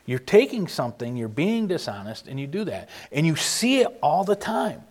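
A man preaching an informal sermon, earnest and emphatic, often restarting and pausing mid-thought. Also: a little high, very animated. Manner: earnest, emphatic, with frequent restarts and halting pauses.

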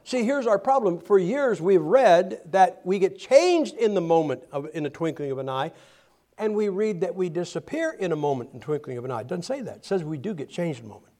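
High-voiced, animated male preacher. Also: a little fast. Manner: animated, humorous, with frequent restarts. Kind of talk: sermon.

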